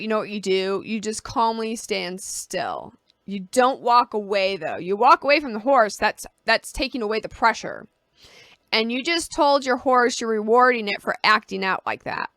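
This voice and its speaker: A woman's voice: on the high side, sharp tone, dry recording, clean studio sound. A woman vlogger talking casually to camera, giving personal advice and explaining with homely analogies.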